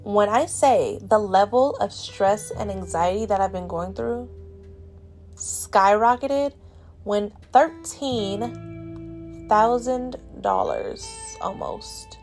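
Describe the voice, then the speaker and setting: A woman's voice: medium pitch, very animated, slow, a little mellow, faint music behind. A woman in her twenties hosting a podcast, telling a story in a blunt, profane, exasperated way. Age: 20s. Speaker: podcast host. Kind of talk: casual storytelling monologue.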